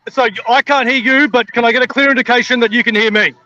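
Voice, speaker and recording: A man's voice: very high voice, fairly even intonation, quick pace, sharp tone, no echo, dull audio. Australian man playing a mock reporter. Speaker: caller joining from outdoors.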